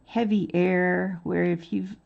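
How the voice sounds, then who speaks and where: A woman's voice: on the low side, steady tone, slow pace, gravelly, dull audio. A woman chatting casually on an art live stream, rambling and thinking aloud as she colors. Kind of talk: casual chat while coloring.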